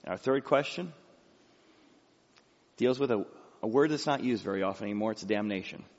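A man's voice: fairly low pitch, a little fast, in a large hall, lo-fi sound. A man from Illinois preaching a verse-by-verse sermon with dramatic storytelling. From Illinois, USA. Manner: dramatic storytelling, lively voice work. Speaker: pastor. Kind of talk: expository sermon.

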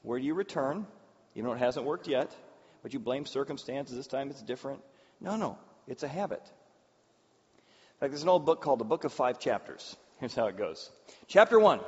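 A man delivers a sermon in a fairly high voice, telling stories with animated energy and slipping into acted voices. The sound is dull and lo-fi, with a long reverb tail from a large hall. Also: breathy edge. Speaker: pastor. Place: church hall with audience.

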